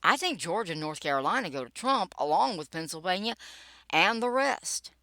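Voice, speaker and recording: A woman's voice: fairly low pitch, sing-song, normal speed, a bit bright, dry recording. An older woman reading her own political blog post aloud, wry and sarcastic, with dry asides. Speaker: political blogger and podcaster.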